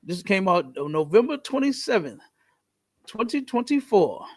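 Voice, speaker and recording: A man's voice: sits high, very animated, moderate pace, husky. A man teaching a class in a loose, casual way, telling stories and swearing freely. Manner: loose, profane, storytelling.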